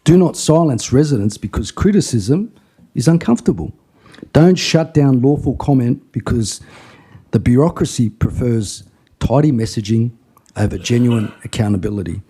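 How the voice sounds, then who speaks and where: Impassioned councilman, husky voice. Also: mid-range voice, expressive, moderate pace, warm tone. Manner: impassioned, rhetorical, repetitive argument. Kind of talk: council meeting speech. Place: council chamber.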